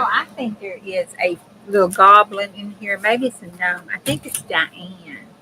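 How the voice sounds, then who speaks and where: A middle-aged woman with a drawl hosts a crafting livestream from her home craft room. She chats in a folksy, easygoing way, talking straight to her viewers. Her voice sits at an ordinary pitch for a woman. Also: background noise. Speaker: craft channel host. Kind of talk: casual chat while crafting on a livestream.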